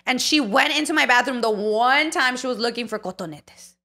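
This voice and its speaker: A woman's voice: fairly high pitch, brisk, sharp tone. A young woman co-hosting a podcast, telling a story in casual chat, swearing freely and dropping into Spanish phrases. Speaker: podcast co-host.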